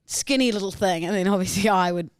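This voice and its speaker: A woman's voice: mid-range voice, fast, dry recording, studio quality. A woman, co-hosting a podcast and telling a funny childhood story in a chatty, giggly way. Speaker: podcast co-host. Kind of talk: casual storytelling chat.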